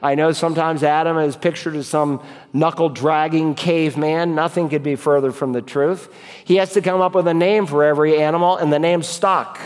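A man with a fairly high voice delivers an expository sermon, reading verses and unpacking them. His voice rings through a church sanctuary with a long, lingering reverb. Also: fairly even intonation, fairly quick. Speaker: pastor.

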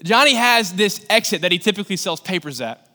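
A man's voice: high-pitched, fairly quick. A young man giving a sermon as pastor, talking in a conversational way and acting out little scenes as he tells stories. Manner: conversational, animated storytelling with acted-out asides. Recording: long hall reverb.

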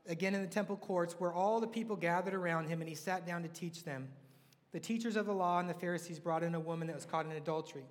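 A man preaching a sermon, animated and asking the audience questions. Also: on the high side, in a large hall.

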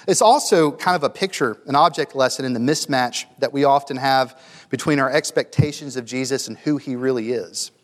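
A man's voice: medium pitch, a little fast, long reverb tail. A man preaching a sermon to a room of men, earnest and building to emphatic peaks, stumbling over repeated words.

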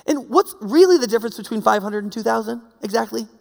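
A man's voice: very high voice, expressive, quick pace, vocal fry, a little mellow, big-room sound. A man preaching a sermon in a conversational way, full of fillers and rhetorical questions. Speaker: pastor.

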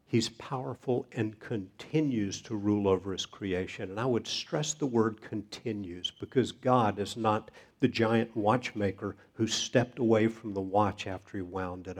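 A man with a low, gravelly voice delivers a sermon. His tone is husky, and he reads scripture in a measured, steady way. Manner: measured preaching, reading scripture aloud. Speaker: pastor.

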